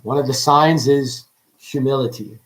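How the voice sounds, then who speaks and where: A man preaching on a livestream in a lively, joking way, asking his audience many questions. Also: medium pitch, measured pace, a little hiss or hum, rough recording. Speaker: pastor. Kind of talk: livestreamed ministry teaching.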